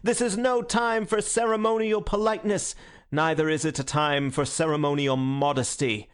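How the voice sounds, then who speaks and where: A man's voice: on the high side, steady tone, moderate pace, clear, resonant tone, pitched above the performer's own voice, natural voice. A man voicing a fiery young male anarchist orator in an audiobook, speaking in a rousing, declamatory way. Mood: defiant. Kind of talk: audiobook character reading.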